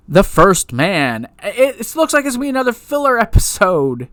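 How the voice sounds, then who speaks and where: A man rants through a TV episode review, his pitch leaping up and down as his exasperation builds. He talks casually and often restarts his sentences. The sound is close and dry, with no room around it. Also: normal speed, few pauses, dry recording. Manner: exasperated, animated ranting with frequent restarts.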